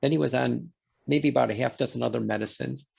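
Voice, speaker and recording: A man's voice: mid-range voice, fast, vocal fry, husky, dull audio. A man, a guest in a conversation, telling a story and acting out the quoted exchanges. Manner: animated storyteller who voices quoted exchanges.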